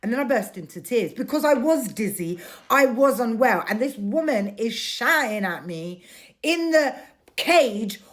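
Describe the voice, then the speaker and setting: A woman's voice: a little high, animated, a little slow. Middle-aged woman w a ranting to camera, really emphatic. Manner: indignant, emphatic. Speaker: vlogger. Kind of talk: ranting personal storytelling.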